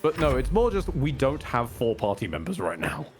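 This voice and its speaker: A man's voice: medium pitch, very animated, normal speed. A man joking and explaining the game as he plays with a friend. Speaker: gamer. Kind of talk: casual gameplay chat. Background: game music.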